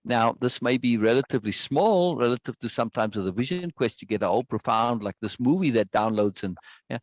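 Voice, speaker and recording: A man's voice: medium pitch, animated, fairly quick, no echo, lo-fi sound. A man leading an online group discussion, enthusiastic and repeating his words and phrases often.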